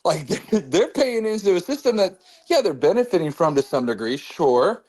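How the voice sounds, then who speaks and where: A man hosting a casual political chat, talking in an animated way and jumping up in pitch when he jokes. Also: moderate pace. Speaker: host.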